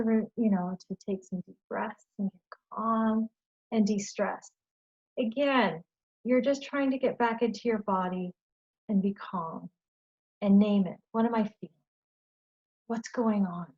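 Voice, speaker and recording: Gentle, reassuring woman presenter. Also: fairly high pitch, lo-fi sound. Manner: gentle, reassuring, keeps checking in with "okay?". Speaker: presenter for caregivers. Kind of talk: educational webinar talk.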